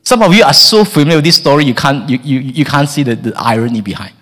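A fast-talking preacher with a mid-range voice delivers a lively sermon, acting out the people in his story. He stammers and repeats words often.

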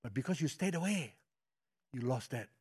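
A middle-aged man with a Malaysian English accent, preaching a sermon with animated storytelling that swings from loud to hushed. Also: medium pitch, normal speed, slightly rough. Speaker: pastor.

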